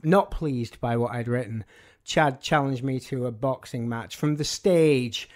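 A man's voice: mid-range voice, measured pace. A man, a music journalist telling anecdotes in an interview, with a dry, wry humour.

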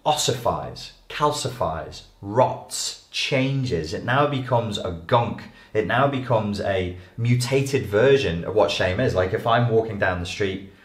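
A man's voice: lowish voice, slow pace. Emphatic man in an echoey room. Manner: animated, emphatic, acts out quoted voices. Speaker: life coach giving a talk. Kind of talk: lecture to an audience.

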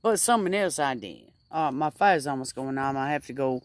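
A woman's voice: rumbling low, lively intonation, fairly quick, dry recording. A woman rambling casually to her camera outdoors by a fire, stretching out her words for emphasis. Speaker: vlogger.

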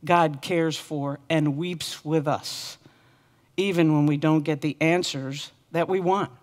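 A woman's voice: low-pitched, fairly even intonation, slow, a little mellow. A woman pastor preaching a sermon with earnest, impassioned repetition. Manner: earnest, impassioned repeated lament.

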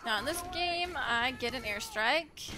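A young woman recording casual gameplay commentary at home, soft-spoken and hesitant, filling pauses with ums and little giggles. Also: high-pitched, lively intonation, music in the background, rough recording. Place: at home with her children nearby.

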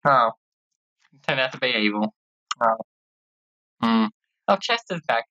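A woman's voice: very deep voice, lively intonation, unhurried, sharp tone, no echo. A woman giving casual commentary while playing a game, chatty and giggly, reading character lines aloud and trying out playful voices. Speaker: let's-play host. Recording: slightly dull lo-fi sound.

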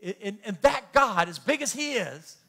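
A man leads a church Bible study with a high, bright voice that leaps up and down in pitch. He jokes, exclaims, and repeats himself as he teaches. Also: moderate pace, gravelly. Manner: animated, jokey, exclaims and repeats words. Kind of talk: lively sermon-style teaching. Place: church hall.

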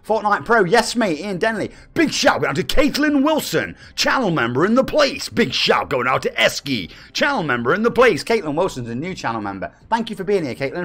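During a live game stream, a forties-aged man from England reads out viewers' names and chats with them cheerfully. He has an East Midlands accent and a slightly high voice.

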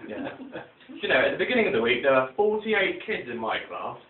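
A medium-pitched man recites comic poems at a fairly quick clip, telling them with animated flair and sound effects. The recording is tinny and distant, made in an echoey room.

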